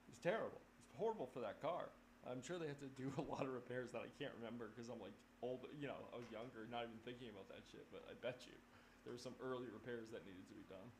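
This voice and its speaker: Man in his thirties, casual chat, swears a lot, laughs often, echoey room, faint hiss. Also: mid-range voice. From New Hampshire. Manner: profane, laughing, rambling. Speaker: drummer livestreamer. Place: home drum room. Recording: roomy echo with faint noise.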